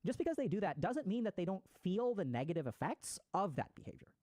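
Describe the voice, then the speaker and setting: A man, a psychiatrist, lecturing casually and at a brisk, rapid clip. His voice sounds dry and close, with no room echo. He talks in a chatty way, swears now and then, and drops gaming slang. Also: high voice, sing-song, a little mellow. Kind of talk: casual lecture to an online audience.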